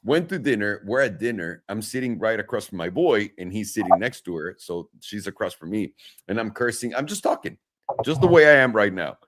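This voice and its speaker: A man's voice: fairly low pitch, brisk. A man from Mexico, casual and profane, telling a story in a podcast chat and acting out what people said. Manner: animated, profane, acts out quotes. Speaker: podcast host.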